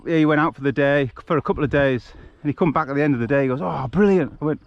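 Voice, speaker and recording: An Englishman chats as he walks down a country road, rambling through stories and laughing often. His voice sits fairly high. The outdoor recording comes from a handheld camera and sounds a little dull and lo-fi. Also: fairly even intonation, very fast, clear, resonant tone. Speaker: vlogger on a charity walk. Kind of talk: casual chat while walking.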